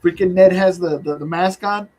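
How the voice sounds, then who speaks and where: A man's voice: high voice, normal speed, a little mellow. A man joining a livestream as co-host, chatting loosely and crudely and groping for names. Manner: loose and profane, gropes for names. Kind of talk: casual chat.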